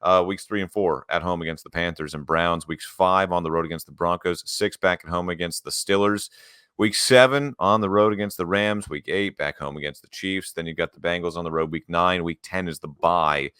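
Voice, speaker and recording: A man hosting a sports podcast in casual chat, laid-back, running through lists with quick quips. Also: sits low, fairly bright tone, smooth, no echo, studio quality. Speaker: podcast host.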